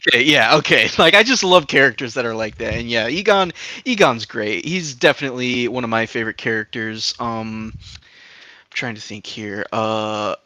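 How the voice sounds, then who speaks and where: Man, podcast co-host, bright tense tone, dry close sound, chatty and eager, laughs a lot. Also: mid-range voice, normal speed, no echo. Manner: enthusiastic, laughs often, retells movie scenes. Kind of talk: casual chat.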